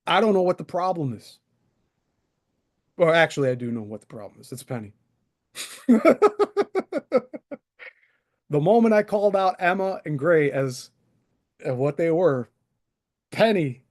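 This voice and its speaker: Host, male, 30s, furious sarcastic monologue, higher voice that swings widely in pitch, swears freely, desk mic. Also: moderate pace, long pauses. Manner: heated, sarcastic, profane, very animated. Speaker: channel host. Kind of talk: angry solo rant to camera. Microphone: desk microphone.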